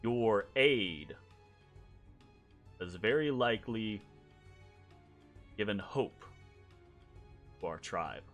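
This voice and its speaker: A man voicing an old frog-folk elder who speaks slowly and gravely in a low voice. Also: lively intonation, fairly bright tone, soft background music, exaggerated voice. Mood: solemn. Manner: slow, low, solemn speech.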